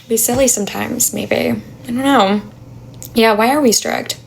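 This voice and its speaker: A young woman chatting on a phone livestream at home, talking quietly with a raspy, gravelly voice, blunt and chatty. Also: fairly high pitch, fairly even intonation, unhurried, slight background noise, poor audio. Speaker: livestreamer answering chat. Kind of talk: casual live stream chat. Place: home apartment at night.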